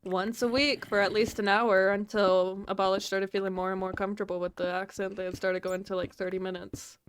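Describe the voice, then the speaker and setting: A woman acting as accent coach in casual stream chat who speaks softly and keeps murmuring agreement. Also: mid-range voice, little pitch movement, a little fast, clean tone, dry recording. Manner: soft-spoken, with frequent agreeing murmurs.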